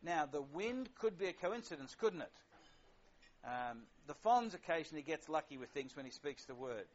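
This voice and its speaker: A man's voice: fairly high pitch, very animated, moderate pace. Middle-aged male preacher, casual wry sermon delivery with fillers, dull lo-fi sound. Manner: conversational, wry, with frequent fillers.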